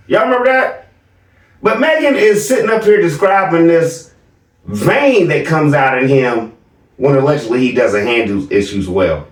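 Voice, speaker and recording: Mocking animated man reacting. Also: fairly high pitch, reverberant, distant mic. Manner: mocking, animated, laughs often. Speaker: reaction streamer. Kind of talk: casual reaction commentary.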